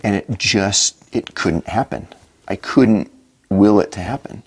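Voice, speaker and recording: Brief: low-pitched middle-aged man, podcast guest, earnest storyteller who acts out dialogue. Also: measured pace, creaky, husky. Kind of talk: personal story in a podcast interview.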